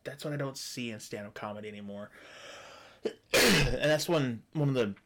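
Man, podcast host, heated profane rant, sarcastic, middle pitch. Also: unhurried, gravelly, a bit bright. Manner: mocks others in put-on voices. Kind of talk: ranting monologue.

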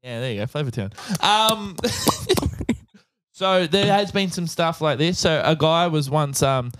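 A man's voice: on the high side, animated, takes it slowly, fairly bright tone, no room sound. A man with an Australian accent telling stories on a casual podcast, crude and laughing as he jokes around. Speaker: podcast co-host, storyteller.

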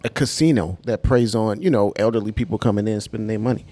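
A man's voice: fairly low pitch, steady tone, quick pace, mellow. Blunt, slangy man venting on a podcast. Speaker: podcast co-host. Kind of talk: casual podcast chat.

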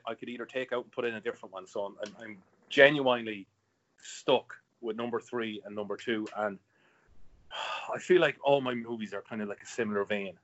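A man's voice: medium pitch, a bit bright, lo-fi sound. A man casually chatting about movies as a co-host, cracking jokes and swearing now and then. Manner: quick, joking, swears. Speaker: podcast co-host.

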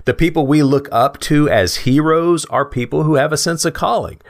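A man co-hosting a podcast, explaining ideas in a measured, thoughtful way and laughing easily. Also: fairly high pitch. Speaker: podcast co-host.

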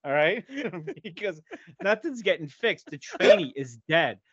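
Profane animated man telling a story. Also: high-pitched, unhurried, breathy edge, no echo. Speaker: podcast co-host. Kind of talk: casual storytelling chat. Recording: dry, dull lo-fi podcast audio.

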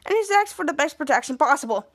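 A woman's voice: sits high, expressive, fast. A woman voicing a brash, boastful adult male superhero mentor who bosses his young team around. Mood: bossy, brash. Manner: brash, dismissive.

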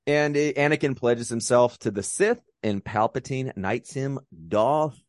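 A man's voice: mid-range voice, unhurried, darkish tone, no echo, studio quality. A man co-hosting a podcast, recapping a film in casual, profane chat and joking as he goes. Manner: profane, joking, breaks into mock voices. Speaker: podcast co-host.

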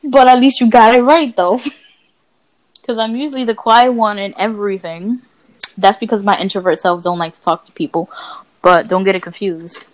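A woman's voice: mid-range voice, steady tone, moderate pace. A woman co-hosting a casual podcast, telling stories in a blunt, profane way. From Dominican family. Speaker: podcast co-host. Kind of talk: casual chat.

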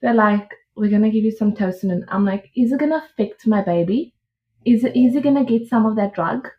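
A young woman casually telling her own birth story, animated and laughing as she acts out what she said back then. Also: a little high, fairly quick. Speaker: podcast guest. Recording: dull lo-fi audio.

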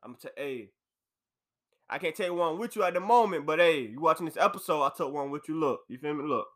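A man's voice: a little high, fast talker. A young man hosting a podcast from an apartment, ranting casually in loose slang. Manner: loose, animated slang-heavy rant. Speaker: podcast host.

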